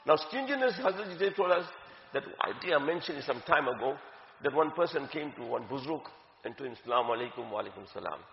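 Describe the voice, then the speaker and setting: A woman's voice: low voice, animated, fairly quick. A woman giving an earnest religious talk, repeating key phrases for emphasis. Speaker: religious teacher. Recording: dull, echoey hall with long reverb.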